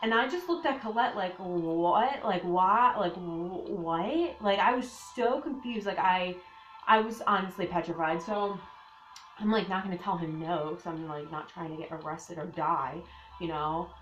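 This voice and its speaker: A woman's voice: on the low side, moderate pace, a bit bright, muffled recording, slight background noise. A young woman telling a storytime on her vlog, casual and breathless, with lots of filler words and emphatic disbelief. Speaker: vlogger. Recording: echoey room with faint music.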